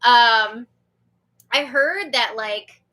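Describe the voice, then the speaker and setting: Bright, giggly young woman host. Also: fairly high pitch, very slow. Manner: chatty, giggly, filler-heavy. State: sore throat. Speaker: show host. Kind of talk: livestream chat reading viewer comments.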